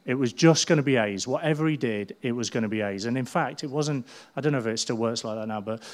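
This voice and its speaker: Animated man telling a story. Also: medium pitch, fast. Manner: animated storytelling, acting out people's voices. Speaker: pastor. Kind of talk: sermon.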